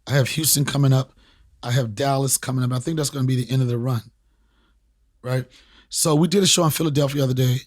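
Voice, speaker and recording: A man, a comedian and podcast host, telling a story in a casual interview with emphatic, profane, animated talk. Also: mid-range voice, fast talker, long pauses. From Washington, D.C. area. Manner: animated, profane, emphatic, repeats phrases for punch.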